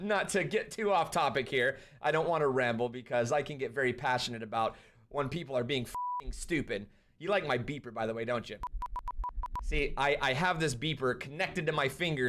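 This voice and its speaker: A young man hosting a live stream, ranting and commenting on a clip, swinging between loud outbursts and quieter asides. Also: fairly high pitch, noisy background. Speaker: streamer host.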